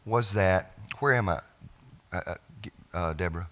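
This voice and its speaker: A middle-aged man preaching from the pulpit of a church, telling a family story. His voice sits low in pitch but has a bright, forward edge. He often restarts his phrases and lets them fade to a hush. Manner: emotional storytelling, halting restarts, trailing off softly. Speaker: pastor. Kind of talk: sermon. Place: church sanctuary.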